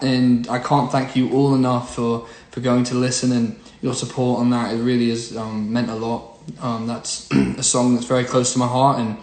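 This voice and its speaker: A young male singer-songwriter with a mid-range voice chats casually on a phone livestream, rambling and using lots of fillers. The audio has a roomy echo and faint noise.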